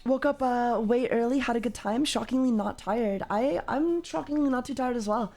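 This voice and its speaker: A woman hosting a casual livestream chat, loud and sweary, with a slightly tired voice. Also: on the high side, normal speed, soft background music. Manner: loud, swears freely, jumps into yelling. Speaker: livestream host.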